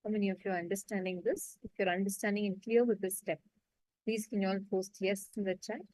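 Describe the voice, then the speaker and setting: A woman's voice: medium pitch, fairly even intonation, quick pace, darkish tone, no echo, rough recording. A woman leading an online spiritual class, giving patient step-by-step instructions and often checking that everyone understands. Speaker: meditation session facilitator.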